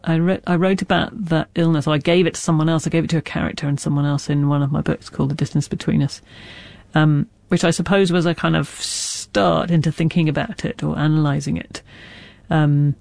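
A middle-aged woman author talks candidly in an interview, circling back with restarts and asides. She lives with a stammer, and her voice has a gravelly edge. The sound is dry and close. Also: low-pitched, fairly even intonation, fairly quick, a little mellow, dry recording. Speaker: author guest. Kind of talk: reflective interview talk.

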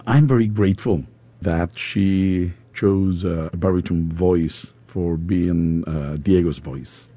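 A man with a Spanish accent, an opera singer interviewed in English, his second language, pausing often to search for words. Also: low-pitched, fairly even intonation, dark tone, dry recording. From Spain. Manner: halting, searching for words with fillers.

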